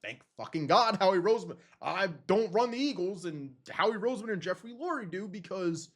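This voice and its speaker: Young adult male host, a touch higher than average, casual and profane sports chat. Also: fast talker. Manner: excitable, rambling, swears freely. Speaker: podcast host.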